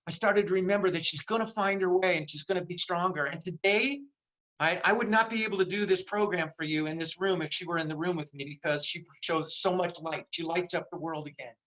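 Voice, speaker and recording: A man's voice: high-pitched, brisk, a bit bright, dull audio. An older man giving an impassioned motivational talk in a virtual seminar, repeating phrases for emphasis. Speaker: motivational speaker. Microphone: video call.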